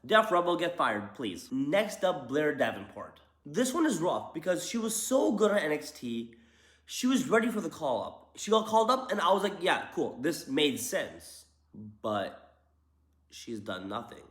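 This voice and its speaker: Young guy ranting about wrestling, pitch all over the place, kinda echoey room. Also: moderate pace. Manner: animated, jokey, slangy. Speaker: wrestling commentary host. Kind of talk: casual opinion commentary. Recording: roomy echo.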